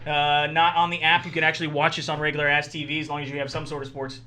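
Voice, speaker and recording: A man's voice: on the high side, level tone, bright, forceful tone, a little hiss or hum. A man co-hosting a sports podcast in casual chat, laughing often and riffing with friends. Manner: laughs often, quick banter. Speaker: podcast co-host.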